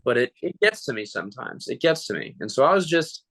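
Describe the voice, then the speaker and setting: A man who performs as a mascot, telling animated, joking stories in a casual interview. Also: medium pitch, fairly quick, dry recording, rough recording.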